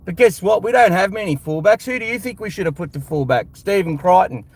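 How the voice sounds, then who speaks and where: A man's voice: sits high, lively intonation, fairly quick. An Australian man hosting a live fan show, ranting bluntly and heatedly with lots of swearing.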